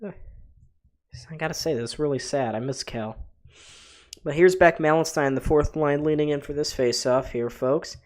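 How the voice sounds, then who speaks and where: A man's voice: on the high side, a little slow. A man hosting a live reaction stream, giving chatty play-by-play commentary and talking to his viewers. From Buffalo area, USA. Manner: chatty, talks to his chat as "folks". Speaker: livestream host.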